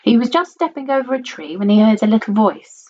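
A woman reading a children's storybook aloud in a playful, expressive way. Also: a little high, brisk. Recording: dull lo-fi recording.

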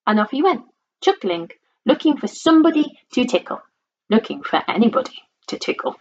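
A woman reading a children's storybook aloud in a playful, expressive way. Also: mid-range voice, a little fast. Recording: dull lo-fi recording.

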